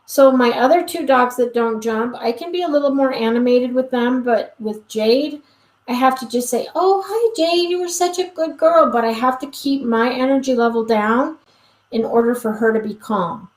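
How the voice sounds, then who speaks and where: A woman's voice: on the high side, steady tone, normal speed, darkish tone. A woman dog trainer answering questions in a casual live Q&A, chatty, with many "um"s and acted-out quotes. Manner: chatty, frequent "um", acts out quoted exchanges. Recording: roomy echo.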